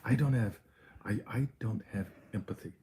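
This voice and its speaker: Casting: deep-voiced American man, loose swearing podcast co-host, animated storyteller, faint room noise. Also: moderate pace. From United States. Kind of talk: casual chat.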